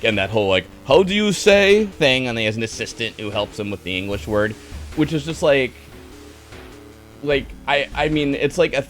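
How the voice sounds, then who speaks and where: A man in his thirties with a lowish voice rants through a movie recap, sarcastic and exasperated, swearing freely. Soft music plays faintly behind him. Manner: sarcastic, exasperated, swears often, many fillers. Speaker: streamer reviewing a movie. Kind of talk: casual rant.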